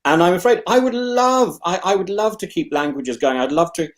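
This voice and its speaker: A man's voice: high-pitched, lively intonation, fairly quick. An English man hosting a casual chat, rambling and musing, with frequent restarts and stammered repeats. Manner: musing and discursive. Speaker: host.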